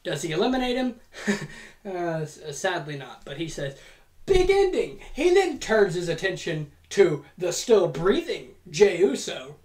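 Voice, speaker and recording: A woman hosting a podcast tells a story from home in a casual, profane and playful way. Her pitch rises and falls a great deal, but she keeps an unhurried pace. The room gives her voice a noticeable echo. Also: animated, darkish tone. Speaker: podcast host. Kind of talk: casual fantasy-booking monologue.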